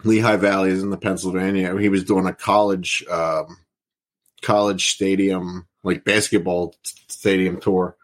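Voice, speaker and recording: A man co-hosting a podcast, chatting casually in a relaxed way and laughing easily. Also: low-pitched, normal speed. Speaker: podcast co-host. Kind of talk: casual chat.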